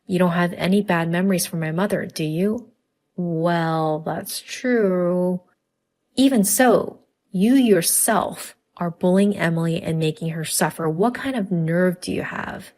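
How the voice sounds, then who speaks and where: A woman voicing an angry middle-aged father-in-law who loudly scolds his wife and son in a narrated story. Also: lowish voice, measured pace, natural voice. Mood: stern. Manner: loud, scolding.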